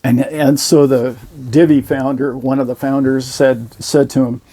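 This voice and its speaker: In an animated, casual retelling for his viewers, this host performs the dialogue of the story's characters. His medium-pitched voice runs at normal speed with few pauses.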